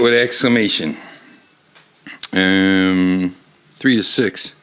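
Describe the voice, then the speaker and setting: Here the same kind of older host chats about books in a bar, his lowish voice lively in intonation and fairly bright in tone at an ordinary pace. He rambles, swears, and stays wry throughout, captured on an off-axis tabletop mic.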